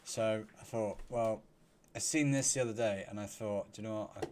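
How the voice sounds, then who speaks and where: A man's voice: fairly low pitch, normal speed, a little mellow, a little hiss or hum. Chatty man greeting stream viewers. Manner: chatty, greets viewers by name, laughs often. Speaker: livestream host. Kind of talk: casual live-stream chat.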